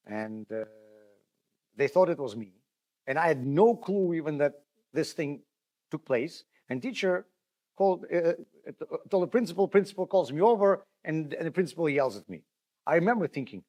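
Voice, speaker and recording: A man's voice: high-pitched, very animated, moderate pace, long pauses. A man, a rabbi, teaching a class in a conversational, storytelling way, addressing his listeners directly and often restarting his words. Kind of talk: spoken Torah lesson.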